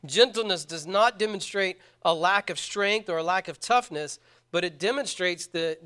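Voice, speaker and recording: A man preaches a sermon in a high voice. His tone is bright and ringing. He speaks earnestly, hammering points home with repetition. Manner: earnest, emphatic, repeats words when stressing points. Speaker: pastor.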